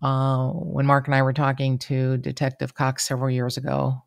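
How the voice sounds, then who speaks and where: Chatty gravelly-voiced woman podcaster. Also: very deep voice, normal speed, no echo. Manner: chatty, emotional, quotes people in lively voices. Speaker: podcast co-host. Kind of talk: casual true-crime chat. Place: podcast room.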